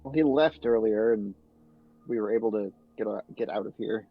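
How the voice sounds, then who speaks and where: A man at the game table speaking calmly and reasonably, his voice gravelly. He comes through a dull, lo-fi microphone. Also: on the low side, moderate pace. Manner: calm, reasoning. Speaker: player. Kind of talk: casual tabletop play. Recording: dull lo-fi mic.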